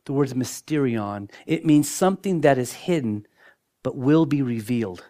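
A man preaching a sermon as pastor, shifting between strong emphasis and soft, hushed moments, often repeating words as he builds a point. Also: mid-range voice, lively intonation, normal speed. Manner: dynamic preaching, dropping to near-whispers for emphasis.

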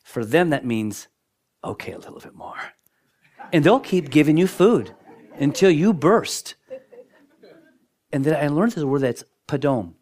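A man preaching a sermon as pastor, shifting between strong emphasis and soft, hushed moments, often repeating words as he builds a point. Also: a little high, animated, a little slow, long pauses. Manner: dynamic preaching, dropping to near-whispers for emphasis.

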